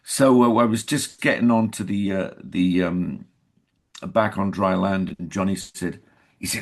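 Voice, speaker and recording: A man's voice: sits low, measured pace, creaky, breathy edge. An older man from England, an actor guest in a casual interview, telling anecdotes and acting out quoted dialogue.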